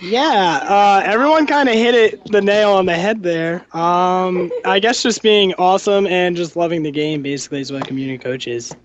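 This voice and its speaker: A man's voice: high voice, normal speed, hardly any pauses, muffled recording. A young man chatting casually as a guest, rambling with lots of fillers. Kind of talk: casual chat.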